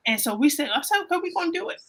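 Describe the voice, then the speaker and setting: A woman telling an emotional personal faith story in a casual panel chat, animated and often repeating her phrases. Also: high voice, very fast, a crowd in the background, rough recording. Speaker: guest on a livestream panel.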